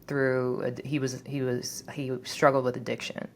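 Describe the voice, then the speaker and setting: Deep-voiced woman, reflective podcast host, echoes guest's words. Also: little pitch movement, moderate pace, gravelly, a little hiss or hum. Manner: reflective, repeats guest's phrases back. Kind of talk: podcast interview.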